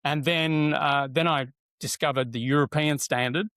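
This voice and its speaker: A middle-aged man tells stories as an interview guest, with a gravelly edge to his voice. He talks animated and loose, full of fillers and restarts, and acts out what people said. The sound is close and dry. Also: on the high side, moderate pace, dry recording. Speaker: guest, NLP trainer. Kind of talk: casual conversational interview.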